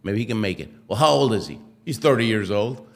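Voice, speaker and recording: On the low side, brisk, and creaky, this man's voice belongs to a former athlete being interviewed. He recounts stories energetically, voicing other people's lines and frequently breaking into laughter.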